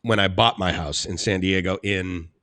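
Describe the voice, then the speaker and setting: A middle-aged man hosting a live stream, talking casually and rambling, laughing often and swinging between soft musing and excited high bursts. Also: normal speed, no echo. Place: indoors at home.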